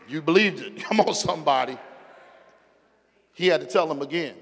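Male pastor, middle-aged, preaching, fairly high voice, long hall echo. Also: expressive, moderate pace, vocal fry, long pauses. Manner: preaching with call-and-response, surging from low asides to loud shouted emphasis. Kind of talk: sermon. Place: church sanctuary.

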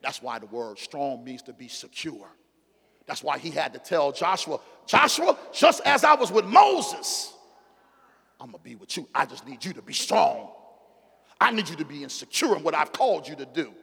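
Male pastor, middle-aged, preaching, fairly high voice, long hall echo. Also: creaky, breathy edge. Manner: preaching with call-and-response, surging from low asides to loud shouted emphasis. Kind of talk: sermon. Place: church sanctuary.

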